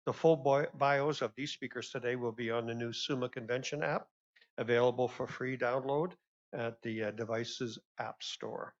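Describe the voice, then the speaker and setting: A man's voice: medium pitch, fairly even intonation, moderate pace. A man moderating a convention session, chatty and courteous as he welcomes people and repeats his announcements. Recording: dull lo-fi sound.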